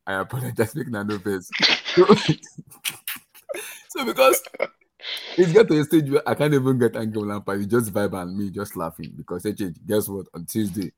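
A man whose first language is Arabic, ranting and mocking in a casual football podcast chat. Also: on the low side. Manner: animated, mocking rants. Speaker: football pundit.

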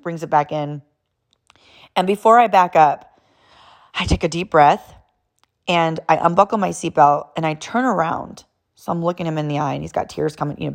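Loud, chatty mom telling a story. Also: female voice, fairly low pitch, vocal fry. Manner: loud, animated, repetitive with many fillers. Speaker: mother telling a personal story. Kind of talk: casual storytelling.

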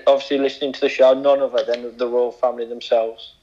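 A man's voice: medium pitch, level tone, fast, mellow. A man co-hosting a podcast in casual, jokey banter. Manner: laid-back, jokey, with restarts. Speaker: podcast co-host. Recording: dull lo-fi podcast sound.

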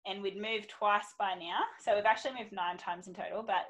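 A woman's voice: mid-range voice, fairly even intonation, brisk, fairly bright tone, poor audio. A woman in her thirties, a podcast guest telling her story in candid, chatty talk full of ums and quoted asides. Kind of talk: casual podcast chat.

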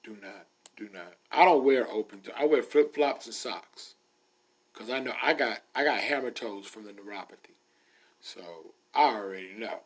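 A New man hosting a podcast, ranting in loud bursts with a husky low voice. His delivery is emphatic, comic and repetitive. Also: normal speed. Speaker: podcast host. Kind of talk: casual comedic rant.

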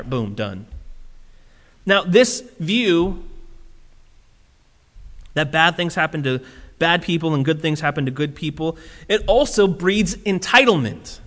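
A man preaching a sermon as pastor, animated and acting out quotes in shifting voices. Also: high-pitched. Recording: long hall reverb.

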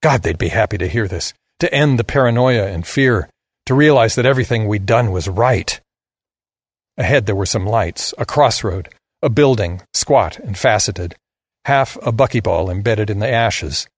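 Male audiobook narrator, husky and low, measured, grave first-person read, dry close mic. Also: lively intonation, dry recording. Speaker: story narrator.

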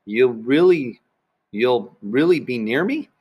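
A man's voice: medium pitch, lively intonation, slow, husky, dull audio. A man reading aloud voices a young girl who is stubborn but afraid, asking nervous, pleading questions. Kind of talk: audiobook reading.

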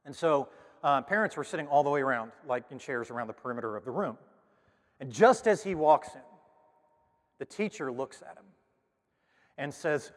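A man telling a story to a congregation in a relaxed, folksy way, full of "you know" and "kinda", in a reverberant hall. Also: mid-range voice, normal speed, pauses often. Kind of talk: storytelling sermon illustration.

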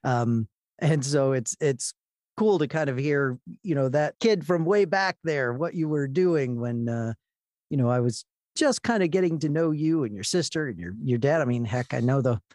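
A middle-aged man hosting a casual podcast interview over a video call, folksy and quick to laugh. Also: medium pitch, animated, no room sound, clean studio sound. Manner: warm-hearted, laughs easily, folksy. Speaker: podcast host, voice coach.

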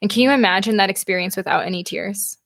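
A woman's voice: mid-range voice, fast, gravelly, a bit bright. A woman talking about her faith in an earnest, effusive, casual way, with plenty of fillers.

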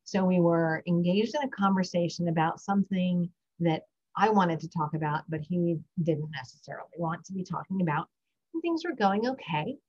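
A middle-aged woman hosting a parenting podcast, telling a story from her own life and guiding a short breathing exercise. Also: on the low side. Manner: warm reflective storytelling, guides breathing. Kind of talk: casual solo podcast talk. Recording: dull lo-fi recording.

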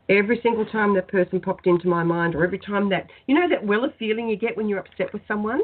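A woman guest in a spiritual radio interview, telling her personal story in an earnest, soft-spoken way. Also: mid-range voice, quick pace, hardly any pauses. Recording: tinny phone-line sound.

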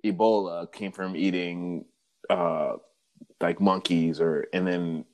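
A man's voice: low voice, steady tone, takes it slowly, darkish tone. A man co-hosting a casual chat, slangy and rambling, acting out quotes as he talks.

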